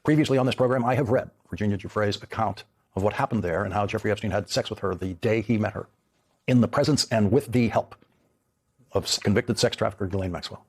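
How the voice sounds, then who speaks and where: A man's voice: lowish voice, fast, breathy edge. A man hosting a television news program, delivering an emphatic, pointed monologue. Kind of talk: broadcast monologue.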